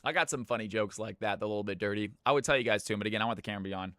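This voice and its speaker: A man's voice: fairly low pitch, rapid-fire, pushed and bright, no echo, clean studio sound. A young man streaming, telling jokes in a loose, rambling way. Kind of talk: casual joke-telling on stream.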